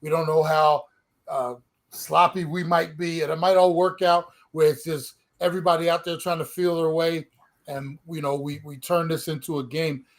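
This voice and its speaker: A man with a notably high voice co-hosts a sports podcast in a relaxed, emphatic way. He is middle-aged and talks like a former player, repeating words as he gets going. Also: moderate pace. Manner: animated, emphatic, repeats words when starting. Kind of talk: casual sports chat.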